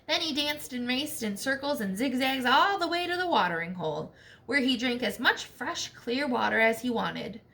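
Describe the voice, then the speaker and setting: A woman teacher reading a storybook aloud to children, expressive and checking in with questions. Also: fairly high pitch, moderate pace, gravelly.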